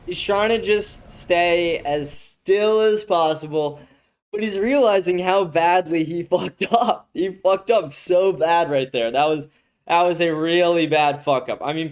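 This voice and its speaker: A man's voice: on the high side, measured pace, clean tone. Swearing man ranting over a clip. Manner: rambling, frequent swearing, restarts. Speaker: podcast host. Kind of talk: casual profane commentary reacting to a clip.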